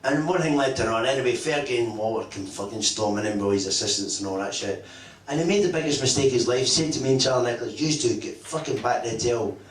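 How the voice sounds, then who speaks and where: A man's voice: medium pitch, expressive, fast, few pauses, recorded from a distance. A middle-aged man, a former footballer, tells profane, self-mocking stories on stage at a live event in a function room. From Scotland. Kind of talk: live anecdote storytelling on stage. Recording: echoey room, voice picked up from afar.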